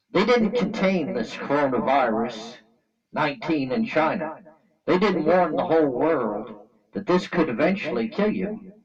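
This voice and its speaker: A man's voice: a little high, expressive, moderate pace, distant mic, lo-fi sound. A man from Canada giving a blunt, angry opinion rant to camera, talking in a colloquial, repetitive way. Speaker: vlogger.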